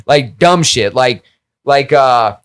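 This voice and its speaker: A man's voice: mid-range voice, lively intonation, slow pace, clear, resonant tone. A man in casual podcast chat, telling a long story with heavy swearing, lots of filler words, and acting out the people in it. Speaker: podcast co-host.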